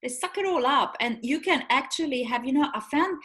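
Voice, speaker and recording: A woman's voice: sits high, lively intonation, a little fast, pushed and bright. Woman, 40s, chatty co-host, rambling storyteller with fillers. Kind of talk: casual chat.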